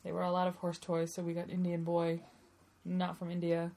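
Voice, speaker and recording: A woman's voice: fairly low pitch, monotone, moderate pace, warm tone. A woman in her thirties co-hosting a casual chat and telling stories with a lot of laughter. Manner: chatty, giggly storyteller. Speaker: podcast co-host.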